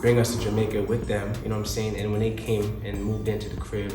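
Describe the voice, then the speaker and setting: A man's voice: on the low side, monotone, fast. A young man, a recording artist, telling stories in a casual interview with loose slang and frequent laughter. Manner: laid-back slangy storytelling, laughs often. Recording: echoey room with music playing.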